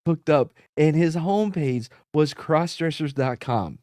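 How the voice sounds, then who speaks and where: A man's voice: on the high side, unhurried, darkish tone, no echo, clean studio sound. A man in his thirties hosting a podcast, telling rambling, profane stories in casual chat. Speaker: podcast host.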